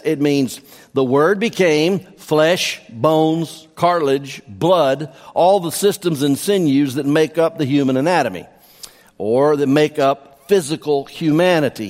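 Emphatic preacher man in a reverberant hall. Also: fairly high pitch. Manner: emphatic, repeats key phrases for stress. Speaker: pastor. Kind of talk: sermon.

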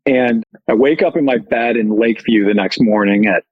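A husky-voiced man telling a story on a podcast, animated and candid. His voice has a breathy rasp at a middle pitch. He pokes fun at himself as he talks. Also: moderate pace, highs cut off. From Chicago. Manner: animated, candid, self-deprecating. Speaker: guest, company founder. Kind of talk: casual storytelling.

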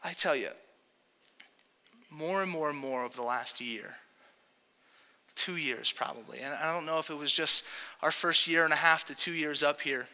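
Male pastor, high, bright voice, casual joking preacher, reverberant hall. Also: moderate pace, pauses often. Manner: casual, joking preacher who acts out quotes. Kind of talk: sermon.

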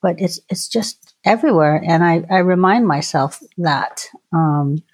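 A middle-aged woman talking as a podcast guest in a casual, reflective way, often pausing and restarting her sentences. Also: on the low side. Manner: hesitant, many restarts and ums.

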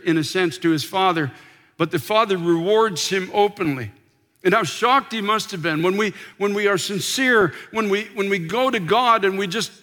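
A middle-aged male pastor preaching a passionate sermon from the pulpit, repeating words as he builds and dropping to soft, intimate tones. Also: high voice. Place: church sanctuary, from a pulpit. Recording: long reverb of a large church hall.

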